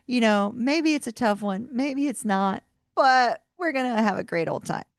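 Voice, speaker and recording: A woman in her fifties, from the United States, telling a long personal story in a chatty, animated way with frequent asides, as host of her livestream. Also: on the high side, moderate pace, no echo. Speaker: tarot channel host.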